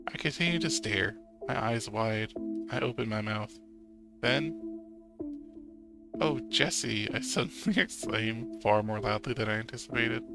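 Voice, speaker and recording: A man's voice: fairly low pitch, gravelly. A man streaming a story game, reading its narration aloud and breaking off to chat with his viewers. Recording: game music under the voice. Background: game music.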